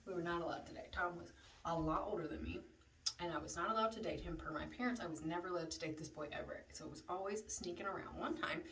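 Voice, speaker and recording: A woman's voice: fairly low pitch, fast, a bit bright, far from the mic, a little hiss or hum. A young woman telling a story in a casual vlog while doing her makeup, chatty and profane, with lots of "like". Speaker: beauty vlogger telling a story.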